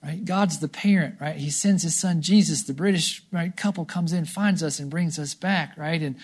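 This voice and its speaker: A man's voice: a little high, moderate pace, breathy edge. A man preaching a sermon as pastor, telling a story animatedly and checking in with the congregation with a repeated "right?".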